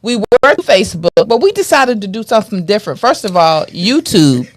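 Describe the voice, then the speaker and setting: Unhurried woman co-host making points. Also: medium pitch, very animated. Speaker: podcast co-host. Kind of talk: casual chat.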